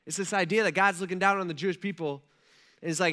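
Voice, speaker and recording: Male pastor, high bright voice, casual preaching that keeps asking the room "right?". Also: fast. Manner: conversational preaching, acting out quoted prayers, frequent "right?" and "okay?" checks. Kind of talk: sermon. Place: church auditorium.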